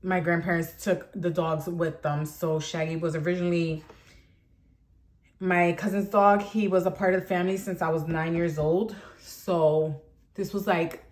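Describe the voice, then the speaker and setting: A young adult woman vlogger telling a personal story in a casual, animated way, filling her talk with "like". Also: lowish voice, moderate pace. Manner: chatty, animated, heavy use of "like".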